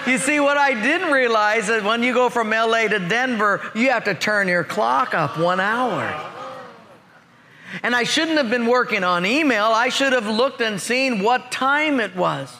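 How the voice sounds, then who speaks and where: A man preaching a sermon, telling a personal story and acting out the dialogue in lively fashion. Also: very high-pitched, unhurried, slight background noise. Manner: animated, acts out dialogue in his stories. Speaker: pastor.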